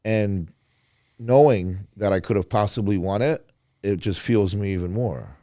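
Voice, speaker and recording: A man's voice: fairly low pitch, unhurried, no room sound, studio quality. A man, a pro bodybuilder guest on a podcast, talking candidly and casually, swearing and acting out what others said. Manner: candid, swears, quotes others in animated voices.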